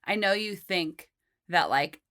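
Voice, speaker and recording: A woman's voice: fairly low pitch, expressive, takes it slowly, sharp tone. A woman hosting a podcast, chatting casually and encouraging her guest. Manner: encouraging, frequent short affirmations. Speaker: podcast host. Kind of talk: casual chat.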